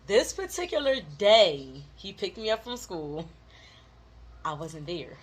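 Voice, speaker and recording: A woman tells a childhood story in a loose, animated way, often laughing and filling her talk with "like". Her voice sits at an everyday pitch for a woman. She sounds like a co-host chatting with her partner. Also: slow, breathy edge. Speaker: co-host of a couples channel. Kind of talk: casual storytelling chat.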